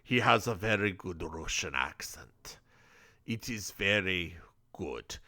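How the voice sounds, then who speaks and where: Lively bright-voiced man chatting. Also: deep voice, slow. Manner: rambling, stop-start storytelling; says he is bad at accents. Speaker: podcast co-host. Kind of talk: casual chat recapping a TV episode.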